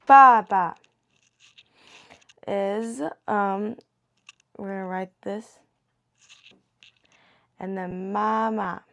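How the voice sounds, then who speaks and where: A woman teaching a beginner language lesson in a slow, patient way, muttering and correcting herself as she writes. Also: medium pitch, flat delivery, lo-fi sound. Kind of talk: casual beginner lesson, writing on board.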